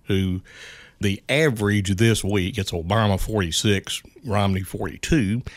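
Middle-aged man, low voice, dry studio sound, wry unhurried political talk on radio. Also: dry recording. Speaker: regular political commentator.

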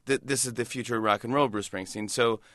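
A man in his forties telling an anecdote in a casual interview, animated and slipping into quick voices of others. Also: mid-range voice, dry recording, studio quality. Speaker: talk show host and impressionist.

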